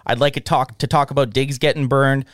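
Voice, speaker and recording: A man's voice: medium pitch, level tone, fairly quick, dry recording, clean studio sound. A man co-hosting a casual sports podcast, joking loosely and swearing freely. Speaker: podcast co-host.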